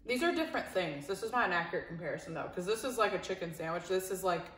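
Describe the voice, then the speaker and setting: A woman's voice: lowish voice, animated, fast, a bit bright, reverberant, slight background noise. Chatty woman laughing through a taste test. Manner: chatty, laughs often, playfully dramatic. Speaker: co-host taste tester. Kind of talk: casual food taste test chat.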